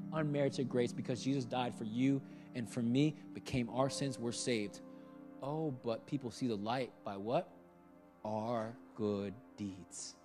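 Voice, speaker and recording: A male pastor preaching a sermon, firing off rhetorical questions and repeating phrases for emphasis, swinging from quiet earnest stretches to passionate outbursts. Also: mid-range voice.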